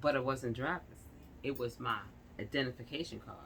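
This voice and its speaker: A woman's voice: extremely low pitch, normal speed, creaky, fairly bright tone, a little hiss or hum. A young woman, ranting and telling a story in casual street slang, acting out the people she quotes. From New York. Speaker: vlogger.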